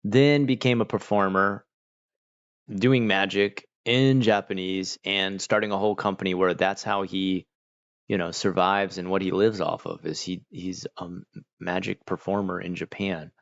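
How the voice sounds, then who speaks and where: An Australian man streaming, telling stories in a loose, rambling way, full of "like" and quick restarts. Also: deep voice, steady tone, vocal fry, highs cut off. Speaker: livestreamer. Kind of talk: casual chat.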